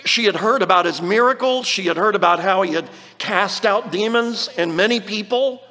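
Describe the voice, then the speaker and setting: A man preaching a sermon, explaining a Bible passage in an earnest tone and slowing down when he quotes scripture. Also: high-pitched, sharp tone, big-room sound.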